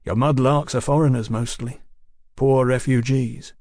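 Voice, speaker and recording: Calm worldly guide, as a male narrator reads him, measured, unhurried, dry close voice. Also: medium pitch, no echo, natural voice.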